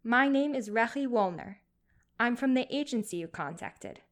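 A woman's voice: on the high side, lively intonation, moderate pace, fairly bright tone. A woman voicing an earnest, slightly nervous visiting nurse who tries to sound firm and professional, in storybook narration.

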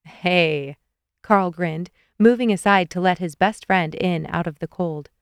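A woman with a lowish, smooth and resonant voice reads a novel aloud, shading each character's lines a little differently. The sound is dry and close, with no room around it. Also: moderate pace, dry recording. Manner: reads dialogue with light shifts for each character. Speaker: audiobook narrator. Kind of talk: scripted narration.

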